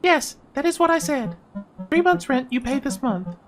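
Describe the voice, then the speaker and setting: A woman voicing an eager, chatty six-year-old girl in a game, speaking in a bubbly, excited way. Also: high-pitched, normal speed, over music, voice pushed up. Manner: excited, bubbly, broken grammar when reading. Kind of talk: voice-acting a game.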